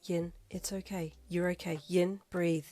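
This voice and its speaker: Woman reading a steady young heroine in a storybook read-aloud, hushed low voice, soft and calm, deeper voice, unhurried reassurance. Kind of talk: reading fan fiction aloud.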